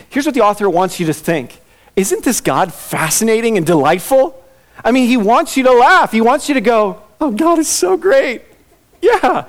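A man preaching a sermon, reading scripture aloud and acting out the characters' voices with laughter. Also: a little high. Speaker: pastor.

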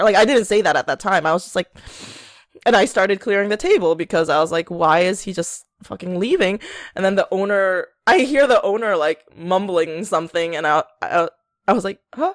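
A woman's voice: mid-range voice, fairly quick, no room sound, clean studio sound. A young woman co-hosting a podcast, telling a long story in casual chat, acting out what people said and laughing often. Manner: animated storyteller, acts out quotes, laughs often. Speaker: podcast co-host.

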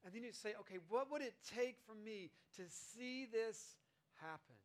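High-voiced man preaching conversationally. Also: moderate pace. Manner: conversational, animated, acts out quoted voices. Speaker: pastor. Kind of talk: sermon.

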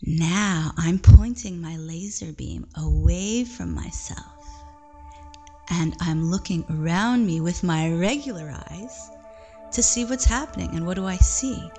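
A woman leading a children's mindfulness lesson from her living room, gentle and playful, sometimes dropping to a whisper. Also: lowish voice, a little slow, soft background music. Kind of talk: guided mindfulness lesson for kids.

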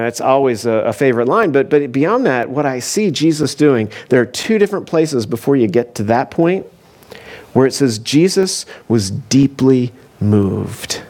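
A man's voice: mid-range voice, a little mellow. A man preaching a conversational sermon as a pastor, telling the story casually with frequent asides and fillers. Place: church.

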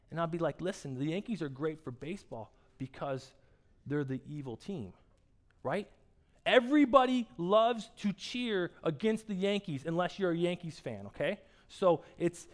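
A man's voice: sits high, a little mellow. A pastor telling a casual, rambling story during a sermon, often repeating his words as he starts a sentence.

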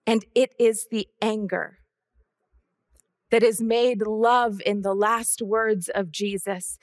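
A woman preaching a sermon with a measured, solemn, repetitive cadence. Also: mid-range voice, fairly even intonation, no echo, clean studio sound.

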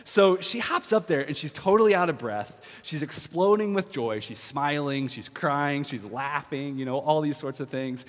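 A man preaching a casual sermon as a pastor, chatty and upbeat with fillers and restarts, dropping to a hush when he prays. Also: fairly high pitch, normal speed, hardly any pauses. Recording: long hall reverb.

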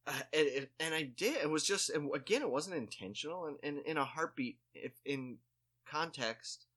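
A man with a bright, forceful voice tells an awkward story in a relaxed chat. He rambles and restarts his sentences, stuffs them with "like", and makes fun of himself as he goes. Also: fairly high pitch, moderate pace. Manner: rambling, full of "like" and restarts, self-mocking. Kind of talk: casual chat, telling a story.

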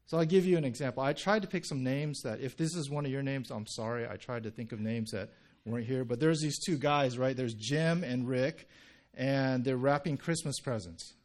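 A male pastor giving a sermon in a relaxed, conversational way, often checking in with "right?" and telling stories with acted quotes. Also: medium pitch, moderate pace. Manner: conversational, frequent "right?" and "like" asides.

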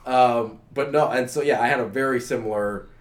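A man's voice: medium pitch, moderate pace. A man, co-hosting a casual sports chat, rambling with lots of fillers as an eager fan. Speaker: podcast co-host.

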